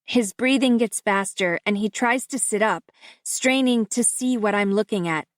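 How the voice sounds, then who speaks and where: A woman narrating a novel in the first person, in a measured, steady storytelling manner on a close mic. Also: medium pitch, no echo. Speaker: audiobook narrator. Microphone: close studio mic.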